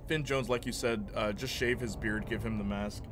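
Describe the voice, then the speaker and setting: A man's voice: on the low side, steady tone, moderate pace, a bit bright, a little hiss or hum. Chatty young man streaming a game. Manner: rambling, chatty, reacting to chat, laughs often. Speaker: gaming streamer. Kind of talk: casual chat while playing. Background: game music.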